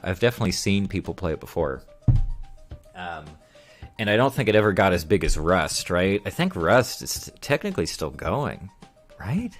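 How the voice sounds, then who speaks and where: Low-voiced man chatting on a stream. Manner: rambling, reads chat aloud, chuckles often. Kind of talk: casual live-stream chat.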